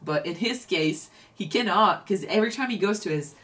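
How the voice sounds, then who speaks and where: A woman's voice: medium pitch, lively intonation, brisk, a bit bright. Woman co-host, casual reaction chat, reflective, restarts often. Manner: thoughtful, restarts sentences often.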